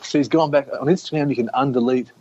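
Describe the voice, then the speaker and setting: A man's voice: medium pitch, fast. A man co-hosting a casual podcast, animatedly telling a story with lots of swearing and putting on voices for the people in it. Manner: animated anecdote teller, swearing, laughing, acting out quotes. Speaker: podcast co-host. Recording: slightly dull lo-fi sound with faint noise.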